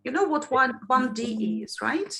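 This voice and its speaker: In an online lesson for trainee teachers, a middle-aged woman speaks in a fairly high, bright, clear voice at an unhurried pace. She's lively, her voice swooping widely as she models intonation and asks the group questions.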